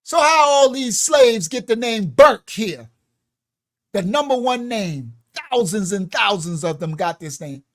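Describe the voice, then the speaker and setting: Slow, emphatic livestream preacher man. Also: sits high, expressive. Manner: emphatic, preachy, reading from books with laughing asides. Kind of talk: livestream teaching.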